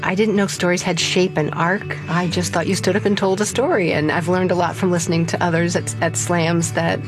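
An older woman storyteller, lively and self-mocking as she tells a funny personal story on stage. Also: fairly low pitch, fairly quick, over music.

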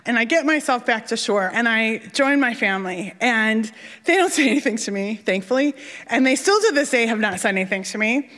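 A woman telling a personal story on stage, animated and self-deprecating, acting out the voices of the people in it. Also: on the high side, fairly quick. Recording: long hall reverb.

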